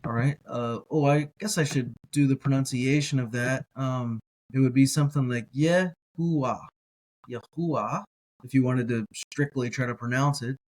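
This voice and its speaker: A man teaching a slow reading lesson in Hebrew, repeating each word several times and correcting himself as he goes. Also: medium pitch, fairly even intonation, a little mellow. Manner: careful, self-correcting.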